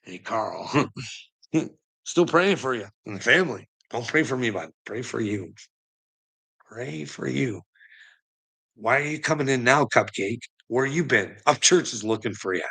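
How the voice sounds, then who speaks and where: A man's voice: mid-range voice, animated, moderate pace, sharp tone, slightly rough. A man ranting casually to his chat, swearing often, laughing constantly and calling people bud in a mocking, teasing way. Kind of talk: casual profane rant to chat.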